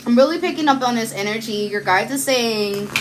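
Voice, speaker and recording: A woman's voice: a little high, a little fast, noisy background. A young woman giving a casual livestream tarot reading, chatty and encouraging, laughing easily.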